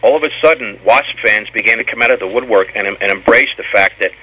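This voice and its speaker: Husky lowish guy rambling thru old band stories, keeps tripping over his words. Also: brisk, pushed and bright, low-quality recording. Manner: rambling, stammers and repeats words. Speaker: former band member guest. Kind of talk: storytelling interview.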